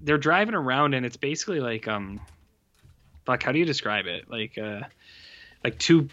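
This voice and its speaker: A man's voice: medium pitch, lively intonation, normal speed, bright, forceful tone, lo-fi sound. A man in a casual movie review chat, rambling and swearing, with lots of filler words. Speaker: podcast co-host.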